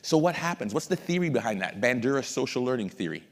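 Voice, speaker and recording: A middle-aged man presenting at an education masterclass, who addresses the audience directly and acts out examples in a lively lecture. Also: mid-range voice, quick pace. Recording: long hall reverb.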